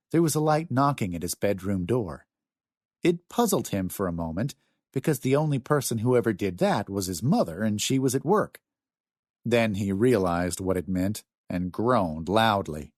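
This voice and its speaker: A man narrating a novel as an audiobook, reading in an expressive storytelling manner. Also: medium pitch, dry recording, studio quality.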